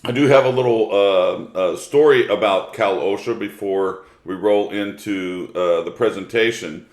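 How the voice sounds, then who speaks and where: Brief: middle-aged male presenter, casual and joking, low-pitched, recorded in a roomy space. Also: unhurried, a little mellow. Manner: folksy, joking storyteller. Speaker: webinar presenter. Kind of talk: casual webinar lecture. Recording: echoey room.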